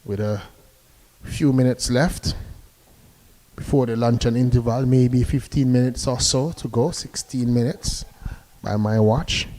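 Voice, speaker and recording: A male cricket commentator with a mellow, warm tone and a middling pitch. He talks in a chatty, easygoing way, calling the play and sending good-morning greetings to listeners between deliveries. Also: a little slow.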